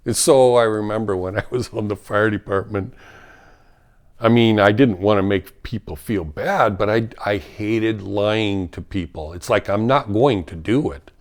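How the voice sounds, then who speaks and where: Middle-aged man, lowish voice, unhurried, rambling and blunt, casual spiritual monologue. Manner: rambling, frank, with frequent fillers and restarts. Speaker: spiritual talk host and former firefighter.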